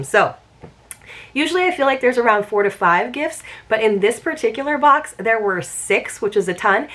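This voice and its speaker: A woman talking through a book box unboxing in an easygoing, chatty way. She rambles and restarts her sentences, always at a middling pitch. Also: fairly bright tone. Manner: chatty, rambling, circles back on herself. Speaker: book subscription reviewer. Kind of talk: casual unboxing chat.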